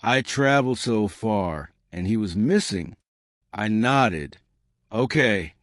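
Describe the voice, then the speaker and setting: A man giving scripted storybook narration for English learners in plain, short, measured sentences. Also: lowish voice, lively intonation, no room sound, clean studio sound.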